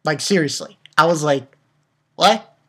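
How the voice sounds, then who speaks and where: A man reviewing a manga chapter in casual chat, excitable and rambling, with many fillers and exclamations. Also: fairly high pitch, unhurried, background noise.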